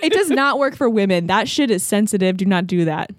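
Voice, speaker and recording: A woman's voice: medium pitch, lively intonation, brisk, no echo, studio quality. A woman co-hosting a podcast, chatting playfully and bawdily with frequent laughter. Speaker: podcast co-host. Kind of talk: casual chat.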